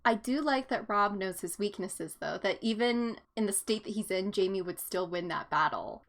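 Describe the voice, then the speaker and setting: A young woman in her twenties giving excitable, giggly reaction commentary on a show, laughing and getting emotional as she watches. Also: medium pitch, moderate pace, few pauses, a little hiss or hum. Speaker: reaction vlogger.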